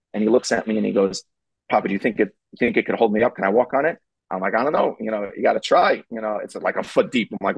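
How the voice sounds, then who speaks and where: A man's voice: medium pitch, vocal fry, breathy edge, dry recording, rough recording. A middle-aged man giving parenting advice as a guest, telling a story emphatically and repeating his key points.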